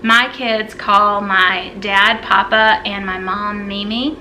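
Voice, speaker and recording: A woman's voice: mid-range voice, steady tone, slow pace, sharp tone, slight background noise, low-quality recording. A woman in her thirties from South Carolina with a Southern US accent, chatting through an accent tag video and repeating words aloud. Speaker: vlogger. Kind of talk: casual accent tag vlog.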